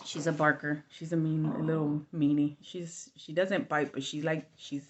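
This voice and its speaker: A woman's voice: deep voice, level tone, a little slow, a little hiss or hum. A middle-aged woman telling a candid storytime vlog in a blunt, casual way with plenty of swearing. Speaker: vlogger.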